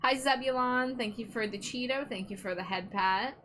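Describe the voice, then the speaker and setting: Bright-voiced chatty woman streamer. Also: fairly high pitch, normal speed. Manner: chatty, swears freely, excitable. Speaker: streamer host. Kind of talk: casual chat on a live stream.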